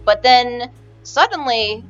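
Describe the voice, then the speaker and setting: A woman runs a tabletop game, narrating in a chatty, halting way and restarting her sentences often. Her voice is slightly high. The recording is muffled and lo-fi, with faint music behind. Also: animated. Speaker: game master.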